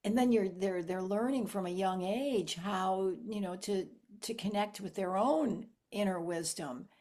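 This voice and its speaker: A woman hosting an interview, gushing and animated, quick to laugh in casual chat. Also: medium pitch. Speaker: interview host.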